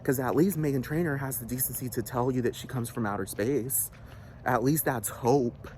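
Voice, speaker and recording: A man's voice: mid-range voice, moderate pace, darkish tone, a little hiss or hum. A man delivering a heated, profane rant, repeating himself and asking again and again if the listener understands. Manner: agitated, repetitive, profane, keeps asking "do you understand". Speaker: vlogger.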